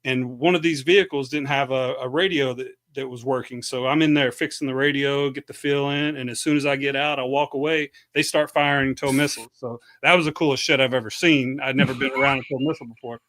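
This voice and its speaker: A man's voice: medium pitch, quick pace, few pauses, dry recording. A man, an army veteran guest on a podcast, casually recalling his service with a few swear words. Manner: relaxed, profane recollection. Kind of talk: casual chat, recounting memories.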